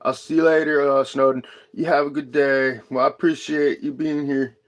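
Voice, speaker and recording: A man ranting profanely on a casual livestream as its host, high-strung and talking straight to his chat. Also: flat delivery, normal speed.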